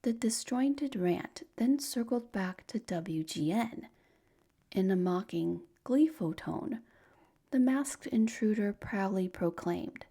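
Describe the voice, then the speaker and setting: A woman tells a sleep story in whispered role-play, her breathy voice barely above air. She speaks very slowly with a gravelly edge, and her tone sits low, mellow and dark. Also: animated. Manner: slow soft whispered storytelling.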